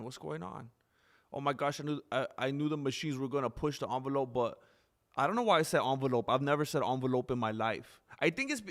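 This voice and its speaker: A man hosting a live stream in casual chat, rambling, reading viewer names aloud and correcting himself as he goes. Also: medium pitch.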